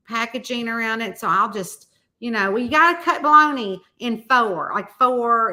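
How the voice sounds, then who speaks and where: A woman's voice: mid-range voice, sharp tone. A middle-aged woman, a mystery author chatting casually on a live stream, rambling through folksy stories and reading out viewer comments.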